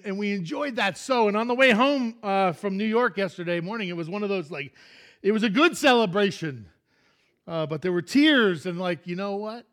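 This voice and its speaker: A middle-aged male pastor giving a sermon, telling a folksy story that keeps surging into excitement. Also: high-pitched.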